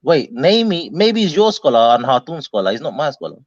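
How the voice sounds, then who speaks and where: A man's voice: on the high side, very animated, brisk, no room sound. A man hosting a live debate, pressing his questions insistently in slangy talk. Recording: dull lo-fi stream audio.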